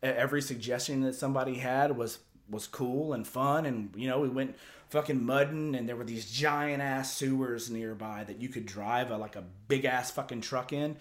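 A man's voice: mid-range voice, fairly even intonation, normal speed, hardly any pauses, slight background noise. A man casually telling a long story as a podcast host, rambling and profane, with lots of filler words.

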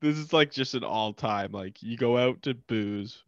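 A man's voice: mid-range voice, a little slow, dry recording, dull audio. A man co-hosting a podcast in casual chat, teasing and laughing along with the others. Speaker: podcast co-host.

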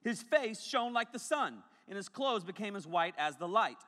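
A male pastor preaching a sermon to a congregation in a large hall, joking and animated, breaking into shouts. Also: high voice, normal speed. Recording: long hall reverb.

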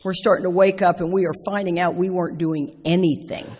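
A woman's voice: fairly low pitch, a little fast, a little hiss or hum. Folksy middle-aged woman in a big hall. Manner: animated, emphatic, folksy, repeats phrases for stress. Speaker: speaker at a recovery convention. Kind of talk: personal recovery talk to an audience. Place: large indoor meeting hall. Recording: reverberant hall.

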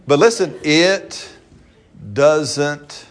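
A man preaching a sermon, playful and animated, often breaking into laughter and call-and-response with the congregation. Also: a little high, very slow.

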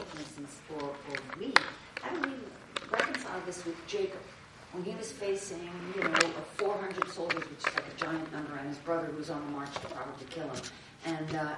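A woman student asking the teacher a question in class, halting and searching, often restarting her sentences. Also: fairly low pitch, animated, heavy reverb, recorded from a distance, heavy background noise.

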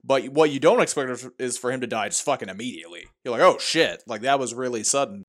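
A man co-hosting a casual movie podcast, telling scenes in an animated way and acting out lines. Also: mid-range voice, quick pace. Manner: animated storytelling, acts out quotes. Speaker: podcast co-host.

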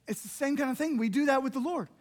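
A middle-aged pastor preaches a sermon in an extremely high-pitched voice, talking fast. He's animated and emotional, acting out little dialogues as he goes.

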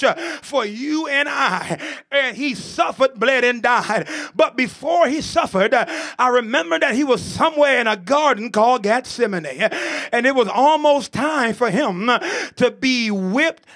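Male preacher, high bright voice, repetitive shouting cadence, sermon delivery. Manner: impassioned preaching, rising to shouts; rhythmic repetition, frequent "uh" fillers. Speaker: pastor.

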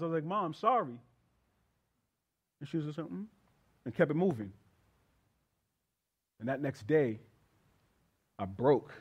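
A man's voice: a little high, a little mellow. A man preaching a sermon, moving from prayer into a personal story and talking straight to the congregation. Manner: conversational preaching, addresses congregation as y'all.

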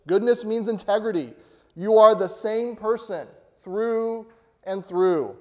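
A male pastor with a high-pitched, slightly mellow voice preaches a sermon, questioning his congregation and building to emphatic peaks. Long hall reverb fills the recording.

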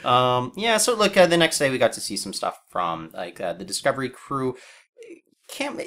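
A man's voice: medium pitch, lively intonation, moderate pace, a bit bright. A man co-hosting a casual discussion, opinionated and talking with frequent fillers. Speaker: podcast co-host.

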